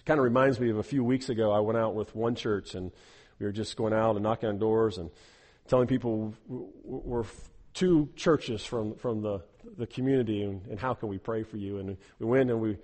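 A man preaching a sermon, animated, acting out the people he quotes and often repeating words as he goes. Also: fairly low pitch, moderate pace. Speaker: pastor. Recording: echoey hall with long reverb.

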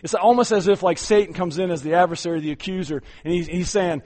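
Pastor, male, slightly high voice, emphatic sermon delivery with frequent repeats. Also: quick pace, hardly any pauses. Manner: emphatic, repeats words, swings loud and soft.

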